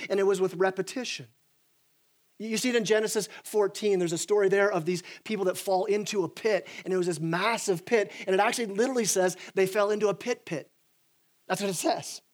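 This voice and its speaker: A man preaching a sermon as the church pastor, animated and stumbling over repeated words as he starts his sentences. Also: high-pitched. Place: church sanctuary.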